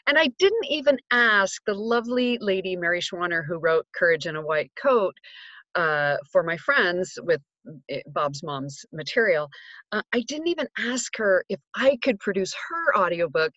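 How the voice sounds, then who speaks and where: A woman's voice: mid-range voice, lively intonation, normal speed, a bit bright, dry recording, dull audio. A middle-aged woman telling a casual personal story from her home recording booth, upbeat and chatty with many fillers. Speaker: audiobook narrator and life coach.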